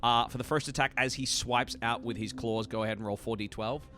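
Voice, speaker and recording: A man narrating as game master in a one-on-one tabletop game, relaxed and filling pauses with frequent "uh" sounds. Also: medium pitch, soft background music. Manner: relaxed, many "uh" fillers, quick laughs.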